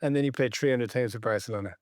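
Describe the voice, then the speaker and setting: A man's voice: mid-range voice, racing, a little mellow, dry recording. A man co-hosting a casual football chat, easygoing and teasing, in a middle-of-the-road voice. The sound is dry and close, with no room around it. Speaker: podcast co-host.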